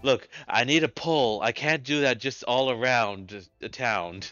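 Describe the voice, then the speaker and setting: Bright-voiced joking gameplay host man. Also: mid-range voice, a little slow. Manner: joking, rambling, swears. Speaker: let's play host. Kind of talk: casual gameplay commentary. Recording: dull lo-fi recording with game music.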